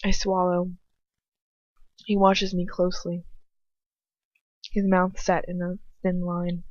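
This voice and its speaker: A woman's voice: fairly low pitch, monotone, slow, darkish tone, dry recording. A young woman reading first-person fan fiction with emotion, now and then breaking off for casual asides, in a dry, slightly dull home recording. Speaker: amateur audiobook reader.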